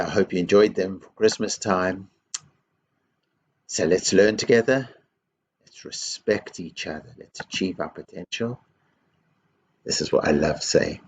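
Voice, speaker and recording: A man leading a school assembly for young children, slow and encouraging, guiding actions and chants. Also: low-pitched, fairly even intonation, slightly rough. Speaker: headteacher. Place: school office.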